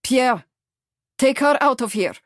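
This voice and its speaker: A woman's voice: mid-range voice, unhurried, no room sound, studio quality, close to an everyday voice. A woman reading the lines of a hopeless, wounded young Russian man, urgent and strained, in an audiobook.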